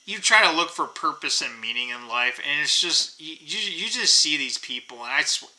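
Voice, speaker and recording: A middle-aged man rants casually to his audience in a voice pitched a little high and strikingly bright. He rambles, swears often and fills his talk with "you know" and "like". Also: lively intonation, moderate pace, rough recording. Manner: rambling, profane, frequent fillers. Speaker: channel host. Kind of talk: casual rant to camera.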